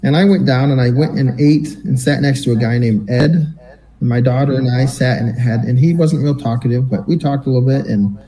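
On a podcast he co-hosts, a man with a medium-pitched voice talks fairly quickly through a long personal story. He's animated and acts out the quotes, keeping the chat casual, though the recording quality is low.

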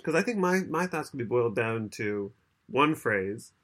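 A man's voice: medium pitch, expressive, normal speed, fairly bright tone. A man co-hosting a podcast in casual chat, explaining at length and laughing often. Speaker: podcast co-host.

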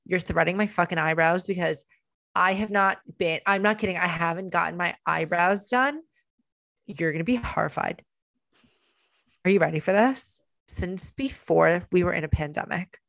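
A woman's voice: on the low side, normal speed, vocal fry, fairly bright tone, no room sound. A young woman co-hosting a podcast, teasing her friend and laughing often in casual chat. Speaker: podcast co-host.

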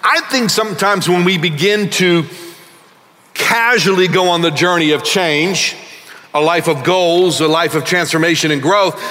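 Bright-voiced preacher man in a reverberant hall. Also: sits high, measured pace. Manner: emphatic preaching, swings between loud bursts and quiet asides. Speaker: pastor. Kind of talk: sermon. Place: large church hall.

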